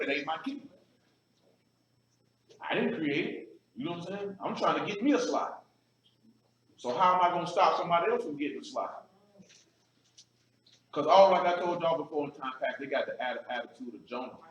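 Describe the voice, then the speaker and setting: Blunt fast-talking preacher in an echoey room. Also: male voice, a little high, fairly bright tone. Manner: blunt, emphatic, conversational street talk; frequent "you know what I'm saying". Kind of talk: sermon. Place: assembly room. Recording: echoey room, speaker far from the mic, faint noise.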